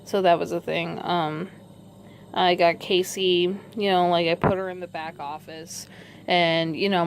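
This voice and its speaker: A woman whose voice is worn out and hoarse tells a rambling story, swearing casually as she goes. Her voice sits fairly low. A faint hiss runs under it. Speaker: video creator telling a pet story.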